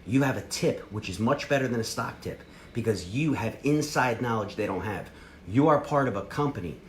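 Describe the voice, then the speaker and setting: A man's voice: medium pitch, animated, fairly quick, slight background noise. A man giving a brash, slangy sales training talk to a group. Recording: echoey room with faint ambience.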